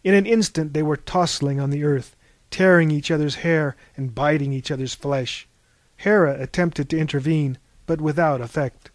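Brief: male storyteller, fairly high voice, dry close recording. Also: normal speed, no room sound. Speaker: narrator. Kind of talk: storytelling narration.

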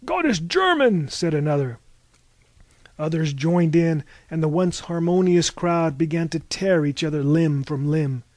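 A man's voice: fairly high pitch, steady tone, a little slow, warm tone, no echo. Dry, close male storyteller. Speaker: narrator. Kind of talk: audiobook story reading.

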